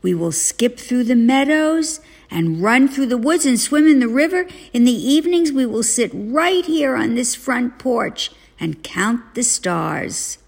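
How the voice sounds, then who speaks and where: A woman doing a bright, excited storybook frog. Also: unhurried, creaky, hardly any pauses, breathy edge, full character voice. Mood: cheerful coaxing. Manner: high calling voice, excited urging. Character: eager cheerful male frog friend. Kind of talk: storybook read-aloud.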